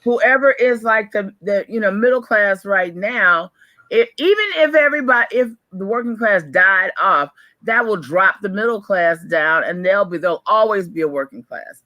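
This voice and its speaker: Brief: woman morning-show co-host, crisp bright voice, outspoken and quick to laugh, dry close sound. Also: medium pitch, no echo. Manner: lively, opinionated, laughs often. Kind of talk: casual radio chat.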